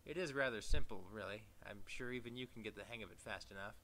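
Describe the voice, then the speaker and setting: A man's voice: fairly low pitch, fast, pushed and bright, slight background noise. A man voicing a pompous, snobbish scholarly bird that talks in an overly formal way. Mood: haughty polite.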